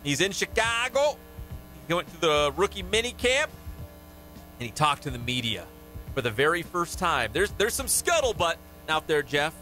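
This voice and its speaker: Male sports radio host, high and bright, playful banter and sponsor reads. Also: big pitch swings, normal speed, faint music behind. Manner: joking, reads sponsor plugs. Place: radio studio. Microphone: studio microphone.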